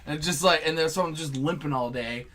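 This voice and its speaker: A man co-hosting a comedy podcast in loose, profane chat. His voice sits a little high and sounds bright. He rambles through anecdotes with lots of laughter. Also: quick pace. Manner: profane, animated storytelling with frequent laughs. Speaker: podcast co-host.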